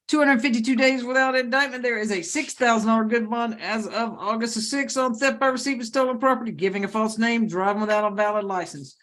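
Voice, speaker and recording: A woman presiding over a courtroom hearing, her voice sitting a little high. She reads charges and bond figures in a brisk way and slips in dry jokes between cases. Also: a bit bright. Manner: brisk and joking, reading out charges and bond amounts. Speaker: judge. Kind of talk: courtroom proceedings.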